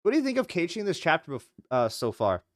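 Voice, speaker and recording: A streamer chatting casually on a live stream and reading a visual novel aloud, rambling and animated, with lots of "like" and quick laughs. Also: medium pitch, no echo, studio quality.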